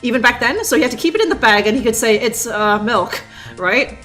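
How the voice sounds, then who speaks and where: A woman streamer rambles sarcastically through live commentary on a game, laughing along the way. Her voice is high and bright and swings widely in pitch, with faint game music running behind her. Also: animated, a little fast.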